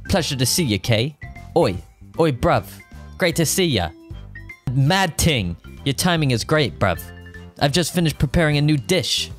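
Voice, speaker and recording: A cocky butler who talks like a London roadman, as a streamer puts him on, slangy and swaggering. His voice sits higher than the man's own and bounces with lively swings in pitch. Game music plays faintly behind him. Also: unhurried. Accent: put-on London roadman. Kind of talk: comic voicing of game dialogue.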